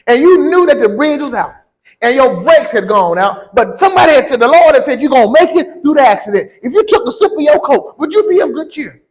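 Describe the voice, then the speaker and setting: A man preaching a sermon, reading scripture and then building to slow, emphatic shouted lines. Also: extremely high pitch, poor audio.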